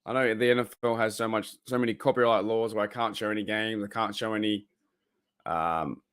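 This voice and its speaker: A man's voice: on the low side, steady tone, brisk, fairly bright tone, smooth. Chatty Australian guy rambling on a livestream. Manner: rambling, reads chat aloud, loose and chatty. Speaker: livestream host. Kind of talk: casual livestream chat.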